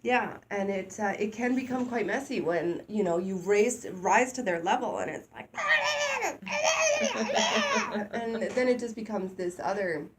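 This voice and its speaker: A woman co-hosting a casual talk show, candid and animated, speaking openly and getting louder when she is excited. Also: medium pitch, normal speed, few pauses, heavy background noise. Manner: candid, animated, self-deprecating, gets loud when excited. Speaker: co-host. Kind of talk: casual conversational podcast chat.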